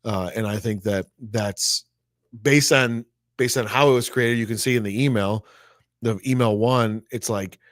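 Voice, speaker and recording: A man's voice: mid-range voice, unhurried, no room sound, clean studio sound. A man co-hosting a casual tech discussion, thinking aloud and often tagging his points with "right?". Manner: chatty, thinks aloud, asks rhetorical "right?". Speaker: co-host.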